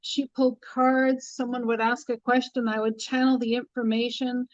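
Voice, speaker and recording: Woman tarot host, earnest, emphatic, slightly high voice, dull dry recording. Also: little pitch movement, moderate pace, dry recording. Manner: earnest, emphatic, acts out quoted inner voices. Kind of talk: casual spiritual chat on a livestream.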